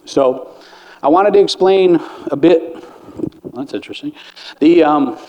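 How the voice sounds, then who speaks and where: A man's voice: on the high side, measured pace, muffled recording, slight background noise. A middle-aged man giving a blunt, earnest conference talk on recovery, sometimes acting out what others say. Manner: earnest, blunt, pastoral, acts out quoted lines. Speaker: conference speaker. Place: conference hall. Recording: hall reverb.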